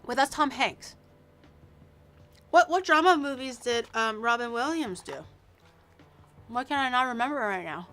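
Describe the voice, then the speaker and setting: A young Canadian woman livestreaming, her voice high and bright. She chats and teases her viewers, full of "um"s and "like"s, while faint music plays underneath. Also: expressive, a little slow, long pauses. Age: early 20s. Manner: chatty and teasing, with frequent fillers. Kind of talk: casual chat reacting to viewers.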